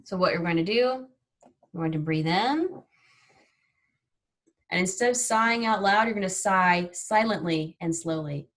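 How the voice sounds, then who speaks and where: A woman's voice: on the low side, unhurried, long pauses. A woman teaching an online mindfulness class, upbeat and chatty, guiding breathing exercises with frequent yawning.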